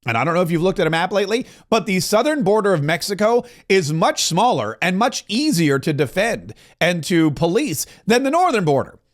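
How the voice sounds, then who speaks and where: A man's voice: sits high, very animated, a little fast, few pauses. A man hosting a political commentary show, talking emphatically with sarcastic asides. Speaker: talk show host.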